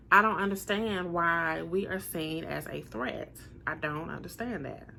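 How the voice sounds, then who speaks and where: A woman in her forties speaks in a low, deep register with a gravelly edge. She talks casually straight to camera, earnest and emphatic. She circles back to repeat her points for weight. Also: a bit bright, slight background noise. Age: 40s. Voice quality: naturally deep voice. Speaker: vlogger sharing personal experiences.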